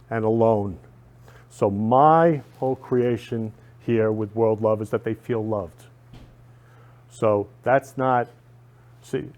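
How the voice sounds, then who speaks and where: A man's voice: medium pitch, darkish tone. A man hosting his own talk show, speaking earnestly and emphatically, often repeating himself. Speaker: host. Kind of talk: casual monologue.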